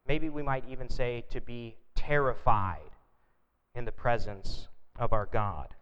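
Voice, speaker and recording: A man's voice: mid-range voice, unhurried, a bit bright, slight background noise. A man preaching an evening sermon in an earnest way, often repeating words as he thinks, recorded in a church sanctuary. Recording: reverberant hall, dull lo-fi sound.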